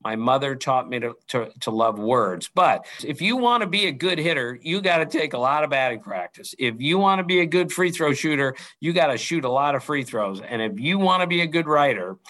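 A middle-aged man telling lively anecdotes in an interview, acting out quotes from others. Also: mid-range voice, brisk, few pauses. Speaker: interview guest, baseball writer. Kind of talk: storytelling in an interview.

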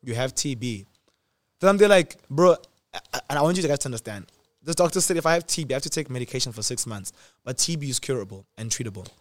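Animated young man telling a story. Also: fast, dry recording. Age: 20s. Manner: animated, acts out quotes with jumps in pitch and loudness. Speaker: host. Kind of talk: storytelling chat.

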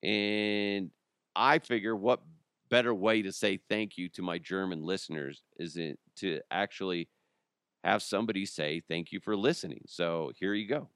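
Joking podcast host, smooth dry voice. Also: male voice, deep voice, normal speed, a bit bright, no room sound. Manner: joking, rambling, self-mocking. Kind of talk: casual solo podcast talk.

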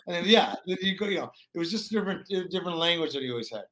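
A man in his forties, a former pro hockey player from Alaska, telling stories in a rambling, animated way with many restarts. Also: high voice, rapid-fire, slight background noise. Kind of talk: casual storytelling interview.

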